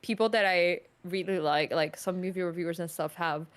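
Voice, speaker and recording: A woman chatting casually on a podcast about films, animated and rambling, with lots of "like". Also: fairly low pitch, fairly quick. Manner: animated, rambling, heavy use of "like".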